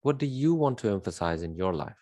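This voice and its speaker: A man's voice: fairly low pitch, very animated, fairly quick, dark tone, no room sound. A man giving an unscripted spiritual monologue, emphatic and rambling, repeating his key words with many fillers. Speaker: spiritual teacher.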